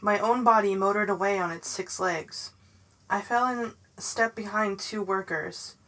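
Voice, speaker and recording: A woman reading a novel aloud in the first person, in a measured, dramatic way. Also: medium pitch, a bit bright, rough recording. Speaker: audiobook narrator.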